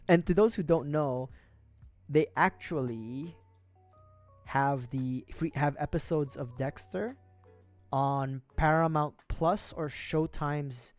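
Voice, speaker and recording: A man's voice: on the high side, slow pace, no echo, faint music behind. A man from the Philippines who hosts a livestream, chatting casually and rambling with joking asides while building a model kit. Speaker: livestream host. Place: home streaming setup.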